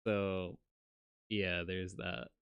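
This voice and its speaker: A man's voice: deep voice, little pitch movement, drawn-out words, a bit bright, clear, resonant tone, no room sound. A man streaming as a VTuber, chatting casually and rambling in a self-deprecating way with lots of fillers, close to his desk microphone. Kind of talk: casual live-stream chat.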